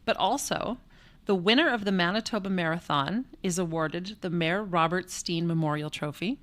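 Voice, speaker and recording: Woman, podcast co-host, playful and jokey, a bit low in pitch. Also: moderate pace. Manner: playful, jokey, laughs often. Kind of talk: casual chat.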